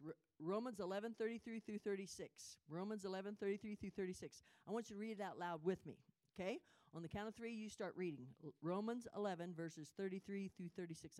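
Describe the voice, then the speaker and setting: A woman with a drawl delivers a heartfelt sermon, mixing a personal story with questions to her audience. Her tone is conversational and emotional. When she reads scripture, she slows down and leans into each phrase. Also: fairly low pitch, a little mellow. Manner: leads listeners in reading scripture aloud, slow and emphatic. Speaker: women's Bible study speaker.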